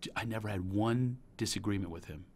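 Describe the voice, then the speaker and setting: A middle-aged man from Pennsylvania with a Pennsylvania accent, hosting a podcast and telling long personal stories in a rambling, animated way. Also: fairly low pitch, fairly quick, husky. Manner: rambling and storytelling, animated when recalling anecdotes. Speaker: podcast host. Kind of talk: casual chat.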